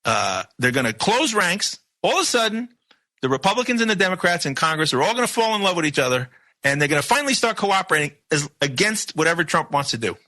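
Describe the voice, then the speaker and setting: A man's voice: on the high side, very animated, fast, bright, forceful tone. A man hosting a radio news program, talking in emphatic bursts full of rhetorical questions. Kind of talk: opinionated radio talk.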